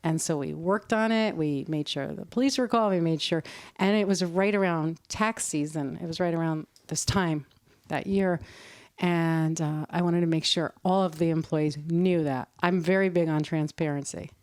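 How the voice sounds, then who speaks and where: A middle-aged woman, a podcast guest, telling a work story in a lively, animated way and laughing often. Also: low-pitched, moderate pace, no room sound, clean studio sound. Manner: animated, acts out quoted voices, laughs often. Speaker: podcast guest, nonprofit CEO. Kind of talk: conversational storytelling.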